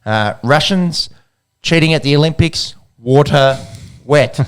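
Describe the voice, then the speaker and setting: A man's voice: on the high side, slow pace, clear, resonant tone. An Australian man co-hosting a sports podcast in casual, joking chat, with a loose swearing delivery. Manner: banter, swearing, laughing. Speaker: podcast co-host.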